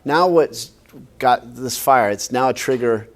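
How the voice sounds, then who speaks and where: A man's voice: mid-range voice, measured pace. A man, a pastor, teaching a Bible class in a conversational way, often quizzing his listeners with questions.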